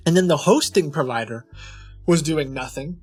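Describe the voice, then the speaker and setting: A man's voice: a little high, normal speed, a little mellow, soft background music. Exasperated man rambling through a story. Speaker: streamer and host of a scam-baiting show. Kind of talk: casual chat.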